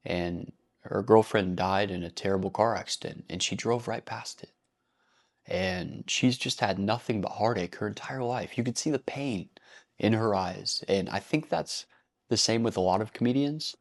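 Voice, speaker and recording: A man's voice: lowish voice, normal speed. A man hosting a casual vlog commentary, talking bluntly with frequent swearing and breaking into laughter. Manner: blunt and profane, laughs easily. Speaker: commentary channel host.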